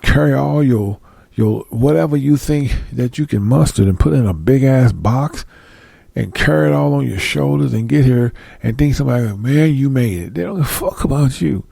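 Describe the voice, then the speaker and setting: Blunt, gravelly man ranting. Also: mid-range voice, moderate pace, dark tone, dry recording, clean studio sound. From United States. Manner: blunt, profane, confrontational, asks rhetorical questions. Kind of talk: heated monologue.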